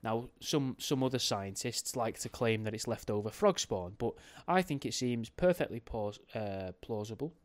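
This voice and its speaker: A man's voice: mid-range voice, lively intonation, moderate pace, hardly any pauses. Rambling man hosting a podcast. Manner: rambling, jokey, self-correcting. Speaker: podcast host. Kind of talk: casual podcast chat.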